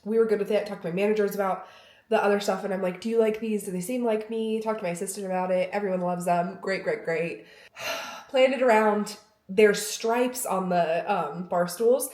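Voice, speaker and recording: A woman's voice: medium pitch, normal speed, a little mellow. A young woman chatting to camera in a rambling, self-mocking vlog at home, acting out little bits of dialogue. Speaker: lifestyle vlogger. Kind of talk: rambling casual chat to camera. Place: room of a house. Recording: roomy echo.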